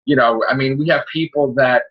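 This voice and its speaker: A podcast host rants in an exasperated voice during a casual chat, his pitch swinging as he goes. He talks briskly in a steady tone, and the audio sounds dull.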